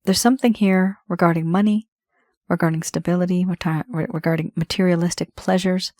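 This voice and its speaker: A woman's voice: lowish voice, steady tone, a little fast, warm tone, dry recording, studio quality. A woman giving a tarot reading, talking straight to the viewer in a conversational, reassuring way. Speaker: tarot reader.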